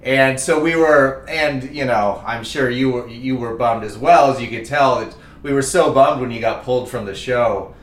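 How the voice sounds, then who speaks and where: A man's voice: mid-range voice, normal speed, a bit bright, distant mic. Earnest man, off-mic in echoey room. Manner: earnest, laughs while telling. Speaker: guest. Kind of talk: casual chat.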